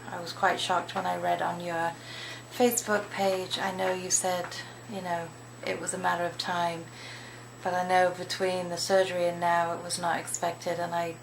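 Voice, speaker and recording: A British woman talks into her camera at home at the end of a tiring day, rambling casually and chatting to her dogs. Her voice is low and gravelly. The home camera audio carries a clear hiss of background noise. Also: low-quality recording. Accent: British English. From Britain. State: tired. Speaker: vlogger. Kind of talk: casual video diary. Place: home indoors.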